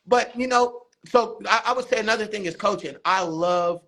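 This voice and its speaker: A man, a barber and basketball coach, telling animated stories in a casual interview, acting out quotes. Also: high-pitched, measured pace. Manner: animated storytelling, laughs often, acts out quotes.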